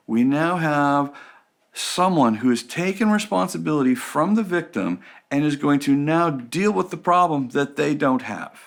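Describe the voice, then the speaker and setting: Casting: lively male course teacher, somewhat high, gravelly edge. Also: a little slow. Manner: animated, expressive, drops to quiet emphasis. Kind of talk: teaching talk with acted examples.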